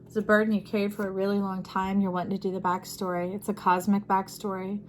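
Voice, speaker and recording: A woman's voice: mid-range voice, level tone, fast, a little hiss or hum. A woman giving an intuitive tarot reading, speaking expressively and repeating phrases for emphasis. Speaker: tarot reader.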